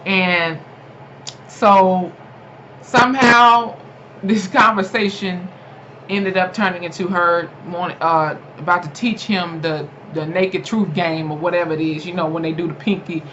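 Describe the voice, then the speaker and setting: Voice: mid-range voice, a little slow. Chatty laughing recap voice, lo-fi. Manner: chatty and animated, laughing often, many fillers. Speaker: TV episode reviewer. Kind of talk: casual spoken episode recap. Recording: dull lo-fi home recording with faint noise.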